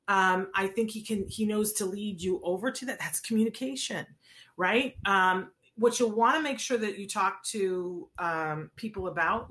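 A woman's voice: medium pitch, a bit bright. A woman hosting a live stream, answering viewer questions with direct, emphatic coaching and rhetorical questions, sometimes acting out little scenes with a child.

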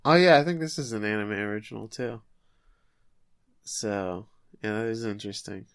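This podcast co-host has a lowish, smooth voice and speaks at normal speed, recorded at studio quality with no room sound. He chats casually and cracks jokes while recapping an anime episode, leaning on lots of fillers as he thinks aloud.

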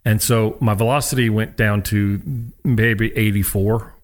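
A man's voice: lowish voice, a little slow. A man, telling stories in a casual interview and acting out the people he quotes. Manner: animated storyteller who acts out quotes. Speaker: guest, former college pitcher. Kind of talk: casual storytelling.

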